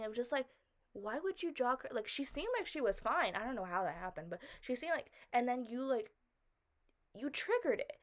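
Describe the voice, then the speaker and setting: A woman talks through a film she just watched in a loose, rambling way and fills her speech with "like". Her voice sits a little on the high side. She asks one puzzled question after another. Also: animated, moderate pace. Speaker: vlogger reviewing a film. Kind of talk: casual spoken review.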